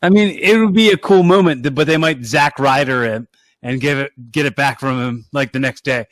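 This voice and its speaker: A man's voice: mid-range voice, a little fast, fairly bright tone, no room sound. A man co-hosting a wrestling podcast in casual chat, hesitant and often repeating his words. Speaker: podcast co-host.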